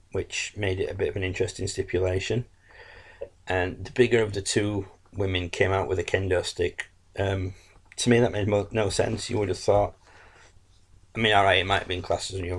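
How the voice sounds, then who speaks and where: A man's voice: deep voice, vocal fry. A man giving a casual, blunt, rambling wrestling review, full of fillers and self-corrections. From England.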